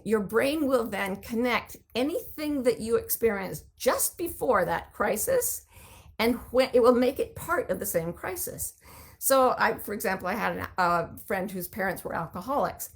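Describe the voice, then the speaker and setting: A woman hosting a show who explains ideas in a conversational teaching talk, animated and full of vivid examples while answering listener questions. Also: medium pitch. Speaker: host.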